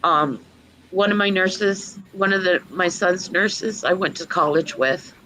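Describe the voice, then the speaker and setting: A woman, a mother, giving a personal testimony in an earnest, storytelling way with many pauses. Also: lowish voice, fairly bright tone, slight background noise, poor audio. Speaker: guest mother.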